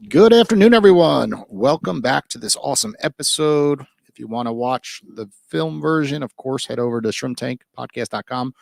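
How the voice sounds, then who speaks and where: Male podcast host, gravelly, casual and rambling questions, dry mic. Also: medium pitch, animated, moderate pace, hardly any pauses, no echo. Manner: loose, filler-heavy questioning.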